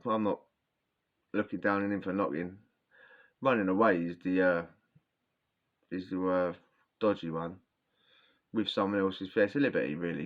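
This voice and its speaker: Low-voiced man telling prison stories. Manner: rambling, slangy, restarts often. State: sore throat, coughing. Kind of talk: casual storytelling. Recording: dull lo-fi sound.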